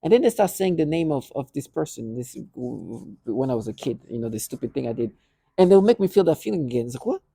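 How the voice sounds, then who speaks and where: A man's voice: mid-range voice, big pitch swings, fast talker, creaky, mellow, breathy edge, no echo, clean studio sound. A man speaking in a rambling personal monologue, full of restarts and repeated words, acting out remembered conversations. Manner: acts out both sides of remembered conversations. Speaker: vlogger.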